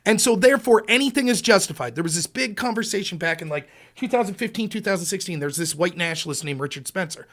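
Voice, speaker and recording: A middle-aged man hosting a political talk show, telling stories and acting out quotes with sudden jumps in pitch and volume. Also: lively intonation, quick pace, few pauses, fairly bright tone. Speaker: podcast host. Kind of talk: political commentary, storytelling.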